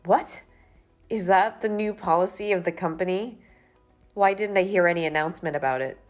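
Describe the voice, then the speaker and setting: An actress playing a young office worker who firmly and politely pushes back against a colleague. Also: female voice, fairly low pitch, moderate pace, soft background music, natural voice. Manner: firm, exasperated, polite refusals. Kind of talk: scripted dialogue drama.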